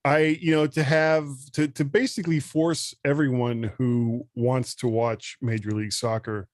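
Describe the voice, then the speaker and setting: A man co-hosting a podcast, giving his opinions in a relaxed, casual way. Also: mid-range voice, unhurried, no echo, studio quality. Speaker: podcast co-host.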